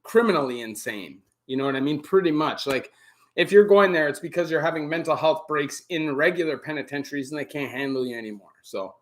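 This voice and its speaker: A middle-aged Canadian man with a Canadian accent hosting a relaxed live Q&A stream, greeting viewers by name and filling gaps with "you know". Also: fairly high pitch, a little fast. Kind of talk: casual live-stream chat. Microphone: camera on a stand.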